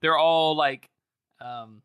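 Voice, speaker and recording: A man's voice: on the high side, steady tone, slow, a bit bright, clean tone, dry recording, clean studio sound. A man co-hosting a book podcast, musing and hedging his opinions while laughing often. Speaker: podcast co-host. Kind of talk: casual book-discussion chat.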